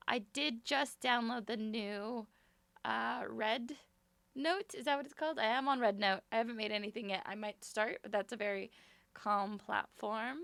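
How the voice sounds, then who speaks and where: A young woman streamer chatting casually and apologetically with her viewers from her bedroom at home, rambling from topic to topic in a brisk work voice. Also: on the high side, vocal fry, fairly bright tone, no room sound. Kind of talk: casual live-stream chat.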